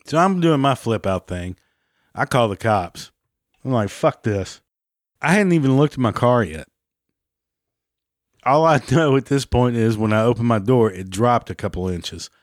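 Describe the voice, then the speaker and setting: A man tells his story in a heated, profanity-laced rant, still angry long after the fact. His voice sits mid-range but jumps higher as he relives it. The sound is dry and close, with no room around it. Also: no echo. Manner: heated, heavy swearing, rising pitch when agitated. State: still angry about the event.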